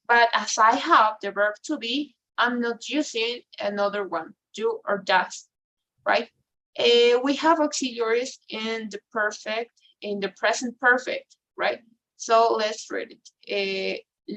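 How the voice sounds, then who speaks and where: A woman's voice: on the high side, fairly bright tone, rough recording. A woman teaching an English class over a video call, explaining step by step with many fillers and tag questions. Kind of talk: online class instruction.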